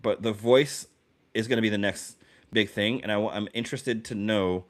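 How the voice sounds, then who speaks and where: A man co-hosting a podcast in casual chat, talking excitably and restarting his sentences often. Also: on the low side, moderate pace. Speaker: podcast co-host.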